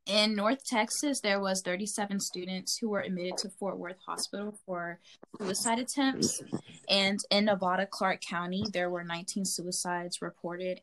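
A woman's voice: mid-range voice, a little hiss or hum. A woman co-hosting a podcast who chats casually with frequent fillers, then reads out a news summary. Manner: chatty, with frequent fillers and likes. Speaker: podcast co-host.

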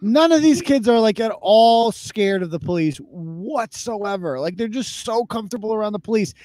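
A man's voice: sits high, lively intonation, moderate pace, darkish tone, no room sound. A man hosting a live podcast, commenting bluntly and mockingly on viral videos with plenty of swearing. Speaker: podcast host.

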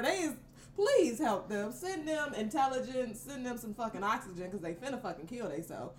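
A woman co-hosting a casual podcast chat, animated and profane, often slipping into playful voices. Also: on the high side, moderate pace, background noise. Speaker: podcast co-host. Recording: roomy echo, set back from mic, faint ambience.

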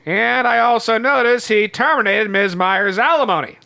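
A sharp-tongued judge handing out pointed remarks, voiced by a man. His voice sits high and bright, and it is recorded dry and close. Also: moderate pace, creaky, clear, resonant tone, no echo, exaggerated voice. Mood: stern. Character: stern, sharp-tongued male family court judge. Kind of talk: comedic script reading.

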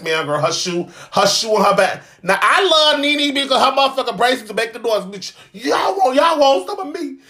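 A man dishes out sassy, profane gossip in a casual vlog, his voice sitting high for a man. The tone is bright and sharp, and he sounds dramatic and opinionated throughout. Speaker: vlogger. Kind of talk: casual reality-TV commentary.

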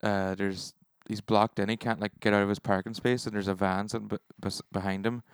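Male podcast co-host, low and smooth voice, rambling casual storyteller. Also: little pitch movement, a little fast, no room sound, studio quality. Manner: rambling storyteller, laughs often. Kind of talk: casual chat.

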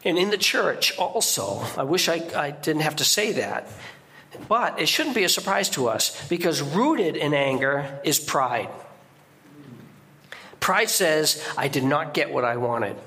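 A man preaching a sermon as a guest preacher in a church, in a conversational way with sudden emphatic rises in pitch. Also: very animated, slow, bright, forceful tone.

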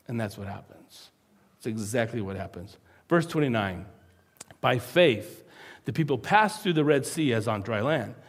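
A man preaching a sermon as a pastor, animated and acting out the voices of the people he describes. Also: mid-range voice, long reverb tail. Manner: animated, acts out quoted voices.

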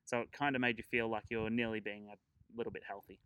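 A man's voice: fairly low pitch, little pitch movement, fast, a bit bright, smooth, no room sound, muffled recording. A man hosting a travel podcast, chatting casually and rambling through his trip stories with fillers and chuckles.

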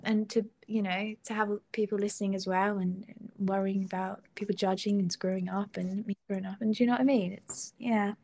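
A young British woman, a singer-songwriter guest, chatting casually in an interview, giggly and halting with many restarts. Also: medium pitch, fairly even intonation, gravelly, a little mellow. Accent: British English.

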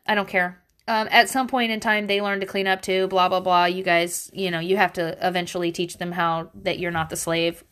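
A woman with a medium-pitched voice talks casually about parenting. She is candid and blunt, swears freely and drifts into animated asides. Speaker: parenting podcast host. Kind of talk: casual monologue.

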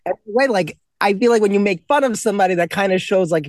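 Young man, high voice, dry close sound, blunt profane storyteller, podcast co-host. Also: quick pace, no room sound. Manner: blunt, profane storytelling, acts out kids' lines. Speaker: podcast co-host, substitute teacher. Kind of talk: casual podcast chat.

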